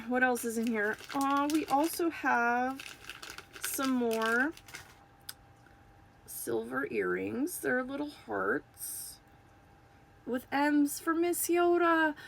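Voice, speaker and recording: Woman talking slow into her phone, kinda high and crackly, gushing over little toys. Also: vocal fry. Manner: gushing, excitable, talks to viewers. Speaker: vlogger unboxing toys. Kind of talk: casual unboxing chat.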